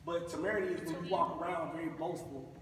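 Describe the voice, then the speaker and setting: A man's voice: a little high, fairly even intonation, fast talker, noisy background. A middle-aged man giving a preachy, colloquial anti-bullying talk to schoolboys, drawing call-and-response. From Mississippi, US. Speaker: motivational speaker. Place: school gym or hall. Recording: echoey hall from far off.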